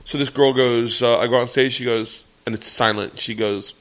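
A middle-aged man, a comedian, telling a story in casual chat, animated and swearing, laughing as he acts out voices. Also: medium pitch, normal speed. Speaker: stand-up comedian, podcast guest.

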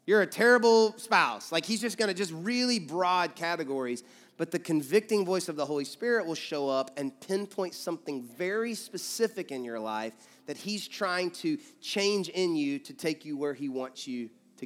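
A man's voice: a little high, a bit bright, long reverb tail. A man preaching a sermon as pastor, punchy and direct, acting out accusing and encouraging voices. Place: church.

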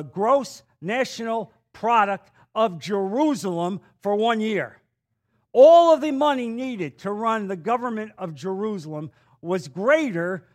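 A male pastor preaching a sermon, reading scripture and adding folksy, conversational asides. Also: sits high.

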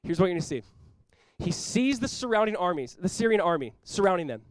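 A pastor preaching a sermon in a quick, rushing delivery, his voice sitting a little high for a man. He is earnest and emphatic, doubling words as he presses each point home. The sound is close and dry. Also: sing-song, no echo, rough recording. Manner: acts out short quoted voices.

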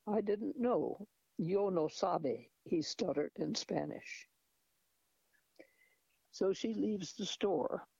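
A man's voice: a little high, creaky, mellow, no room sound. A man reading a novel aloud in a hesitant manner, with restarts and asides. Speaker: reader. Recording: dull lo-fi recording.

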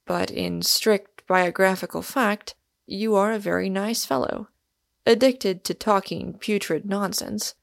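A stern young man with mocking authority, as a woman narrator puts him on. He speaks slowly and severely, with a gravelly crackle. The sound is close and dry. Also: mid-range voice, fairly even intonation, no room sound. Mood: roguish. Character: stern, roguish young man holding a pistol.

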